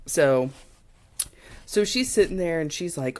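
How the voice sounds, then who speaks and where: Low-voiced, lively woman podcast co-host. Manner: animated retelling, acting out characters in quick quotes. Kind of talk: casual book chat.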